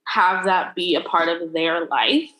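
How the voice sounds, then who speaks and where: A woman's voice: on the low side, unhurried, sharp tone, low-quality recording. A young adult woman in casual chat as a podcast co-host, telling stories bluntly and swearing freely.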